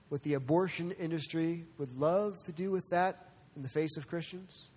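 High-voiced man preaching a sermon. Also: normal speed, long reverb tail. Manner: earnest, shifts between soft and animated. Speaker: pastor.

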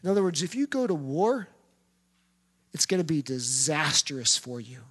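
A man preaches, retelling an old story with lively animation. His voice sits high for a man. It rings out with the long reverb of a large hall. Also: moderate pace, breathy edge. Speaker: pastor. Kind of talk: sermon.

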